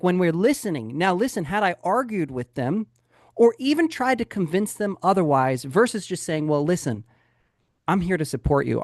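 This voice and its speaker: A man's voice: fairly high pitch, dry recording, clean studio sound. A man hosting a live real estate coaching webinar, telling stories and acting out the dialogue in them. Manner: animated storytelling, acts out dialogue.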